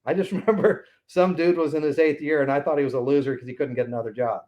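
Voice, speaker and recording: A man's voice: on the high side, fairly even intonation, fast talker, muffled recording. A man in his sixties, a podcast guest, telling anecdotes in a casual interview and acting out the voices of the people in them.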